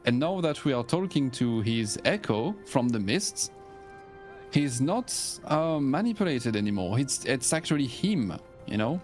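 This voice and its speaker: A man's voice: mid-range voice, big pitch swings, a little slow, a little mellow, faint music behind. A man chatting casually while playing an online game, enthusiastic and full of fillers and restarts. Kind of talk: casual gaming chat.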